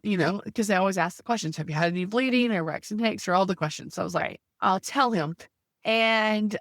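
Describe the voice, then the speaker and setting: Her mid-range voice is a bit bright, captured as a dry, clean studio recording. This American woman in her thirties shares her faith-centered story earnestly as a podcast guest, sprinkling in plenty of "like" and "you know."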